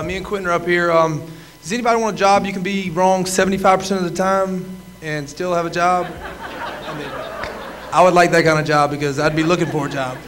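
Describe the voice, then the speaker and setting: A man's voice: high-pitched, background noise. A man in his twenties giving a comedy roast speech, teasing with lots of "uh"s and stops. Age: 20s. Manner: joking, teasing, many filler "uh"s. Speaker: roaster, former quarterback.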